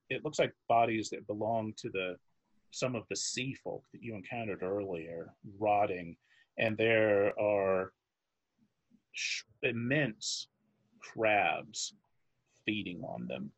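Slow husky game master. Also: male voice, on the low side. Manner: halting, searching for words while describing scenes. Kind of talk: narrating a tabletop game.

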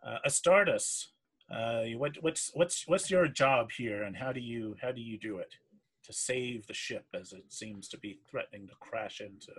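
This male game master's narration of a tabletop session comes out in fits and starts, packed with fillers and restarts. The voice is husky and a touch breathy, middle in pitch, and fairly bright.

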